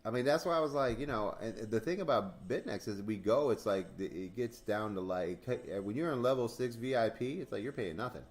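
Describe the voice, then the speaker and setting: A man with a fairly low voice chats casually as host of a crypto stream. He tells animated stories, acts out both sides of conversations, swears freely and laughs a lot. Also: a little fast, hardly any pauses. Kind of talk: casual chat.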